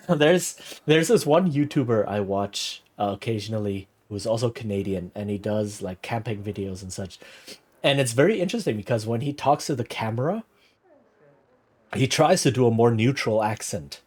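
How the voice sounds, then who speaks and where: A man's voice: medium pitch, animated, normal speed, a little mellow. A man streaming a game, chatting casually with many fillers and hedges. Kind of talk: casual gameplay commentary.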